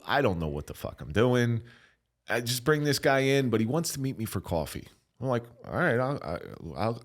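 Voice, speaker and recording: Middle-aged man, low voice, podcast guest, animated and profane, preachy storyteller. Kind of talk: casual storytelling.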